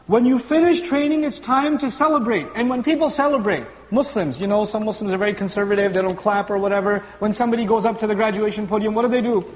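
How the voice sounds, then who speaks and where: Man preaching lively in a big hall. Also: high-pitched, fast, hardly any pauses. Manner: lively, conversational, acts out everyday voices. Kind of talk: sermon. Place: large gathering hall with congregation. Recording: distant voice in a large hall, muffled, faint hum.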